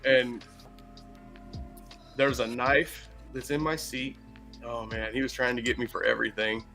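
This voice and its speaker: A man telling a story in casual chat, animated and profane, laughing as he goes. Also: mid-range voice, measured pace, gravelly, soft background music. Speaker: podcast co-host.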